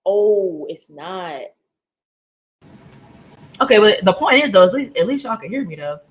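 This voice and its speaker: Brief: woman streamer, casual slangy storyteller, animated and loud at times, built-in computer mic. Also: mid-range voice, a little slow, low-quality recording. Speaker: livestream host. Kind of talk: casual storytelling to a live audience. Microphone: computer's internal mic.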